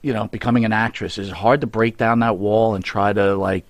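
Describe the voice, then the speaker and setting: A man's voice: lowish voice, flat delivery, a little fast, no room sound. A man co-hosting an interview, asking questions in a playful, joking way. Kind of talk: casual interview chat.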